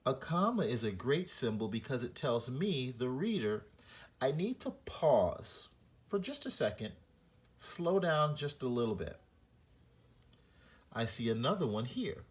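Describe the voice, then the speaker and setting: In an unhurried, mid-range voice, a male teacher explains punctuation during a reading lesson. He demonstrates flat versus expressive reading using a short story he reads aloud.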